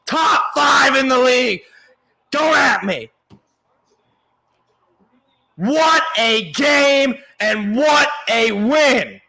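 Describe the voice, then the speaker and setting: Brief: male fan play-by-play caller, high and bright, unhurried between plays, hoarse from shouting. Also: expressive, slight background noise, low-quality recording. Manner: yells and cheers at big plays, sings along. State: voice getting worn from shouting. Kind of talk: excited live reaction commentary.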